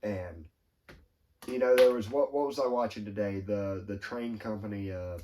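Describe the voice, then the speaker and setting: A man hosting a podcast, talking in a rambling, animated way with quick asides and quoted voices. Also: on the low side, slight background noise. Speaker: podcast host. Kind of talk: casual chat.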